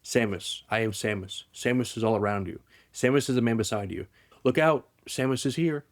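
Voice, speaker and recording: A man voicing a sinister disembodied male voice that chants doom over a radio, in a slow, low, menacing way while retelling a story on a podcast. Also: lightly acted. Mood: ominous.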